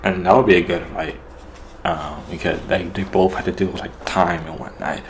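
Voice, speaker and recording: Deep-voiced man rambling through a recap. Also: steady tone, normal speed, slight background noise, low-quality recording. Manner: rambling, filler-heavy retelling. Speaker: show reviewer. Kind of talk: casual episode recap.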